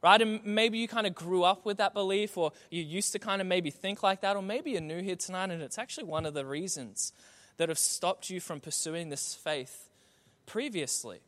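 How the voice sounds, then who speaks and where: A young man preaches with animated, self-mocking storytelling. His voice sits high and sounds bright and forceful. Long reverb from a large hall trails his words. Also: moderate pace. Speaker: pastor. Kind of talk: sermon.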